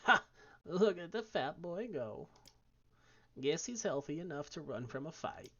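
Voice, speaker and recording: A man voicing a feisty, blunt old grandmother with a Southern drawl, gruff and scolding. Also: medium pitch, big pitch swings, unhurried, muffled recording, exaggerated voice.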